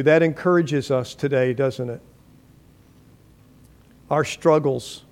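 A man's voice: mid-range voice, slow pace, a little mellow. A pastor preaching a sermon, telling stories dramatically and acting out the voices of the people he quotes. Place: church.

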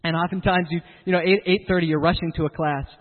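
A man preaching a sermon in an animated way, acting out the voices of the people he quotes. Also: a little high, fast, big-room sound, phone-quality sound.

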